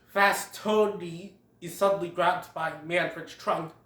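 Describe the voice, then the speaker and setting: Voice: medium pitch, fairly even intonation, slow, fairly bright tone. A film reviewer recapping scenes in a casual way, often breaking into laughter. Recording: roomy sound, far from the mic.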